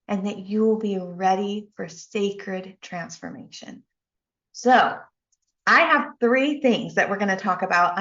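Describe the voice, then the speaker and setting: A woman coach giving a motivational talk, telling a personal story with emphatic, animated delivery. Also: mid-range voice, lo-fi sound. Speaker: life coach and speaker.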